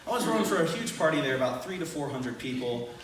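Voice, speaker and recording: A man who is a teacher, telling a true personal story live on stage to an audience, animated and self-deprecating with frequent laughs. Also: on the high side, fast. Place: event venue with audience, large room. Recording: very echoey room, voice from far off.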